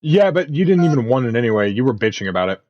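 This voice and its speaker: A man's voice: medium pitch, rapid-fire. A young man hosting a podcast, telling stories in casual, profane chat. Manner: profane, animated storytelling. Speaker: podcast host. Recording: muffled lo-fi mic.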